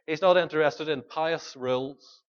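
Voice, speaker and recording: Earnest preacher, slightly high voice. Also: male voice, normal speed, smooth, muffled recording. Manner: earnest, pleading, questions the congregation. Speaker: pastor. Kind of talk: sermon.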